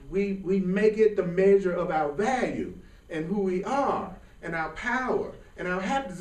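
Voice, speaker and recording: Animated man teaching in a roomy hall. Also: on the high side. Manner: animated, conversational, laughs often, colloquial. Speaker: spiritual teacher. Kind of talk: informal spiritual class talk. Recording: roomy sound from a distant mic.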